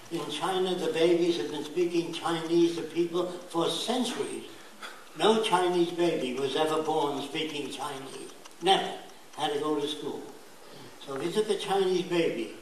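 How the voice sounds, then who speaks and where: Older man, emphatic lecturer, slightly high voice, recorded from afar in a very echoey room. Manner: blunt, emphatic, mimics accents in quick asides. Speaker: speaker giving a talk. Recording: very echoey room, voice from far off, faint hiss.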